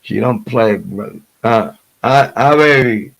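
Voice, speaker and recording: A man in a casual pre-show livestream, talking at a slow, easy pace in a mid-range voice. He trash-talks loosely and profanely, breaking into laughter often, and turns affectionate toward his family. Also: medium pitch, gravelly, poor audio. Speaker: true crime livestream host.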